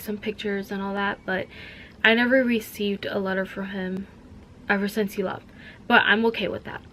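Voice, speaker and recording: A young Minnesota woman vlogs casually to the camera, rambling along and leaning heavily on "like." Her mid-range voice has a fairly bright tone, with slight noise in the background.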